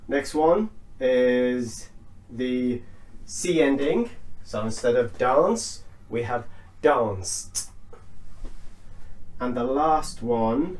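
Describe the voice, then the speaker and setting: Slow, patient male English teacher. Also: medium pitch, a little mellow. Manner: slow, patient, repeats each word for drill. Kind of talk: pronunciation lesson. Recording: roomy sound from a distance.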